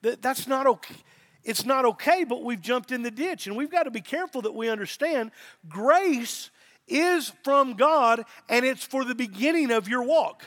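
A man's voice: very high-pitched, expressive, moderate pace, fairly bright tone. A middle-aged man, a pastor, preaching a sermon with emphasis and repeated phrases.

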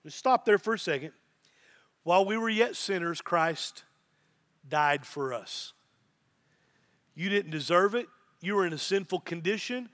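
A man's voice: sits high, expressive, a little slow, long pauses, fairly bright tone. A middle-aged man, a pastor, preaching a sermon with emphasis and repeated phrases.

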